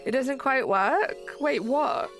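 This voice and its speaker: High-voiced woman streamer chatting casually. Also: slow pace, fairly bright tone. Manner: chatty, reads chat aloud and jokes back. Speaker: live streamer. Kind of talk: casual live-stream chat. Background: faint game music.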